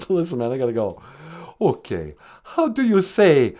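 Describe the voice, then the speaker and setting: A man's voice: mid-range voice, huge pitch swings, measured pace, warm tone. A man hosting a comedic live-stream podcast, joking casually and laughing at his own gags. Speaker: podcast host.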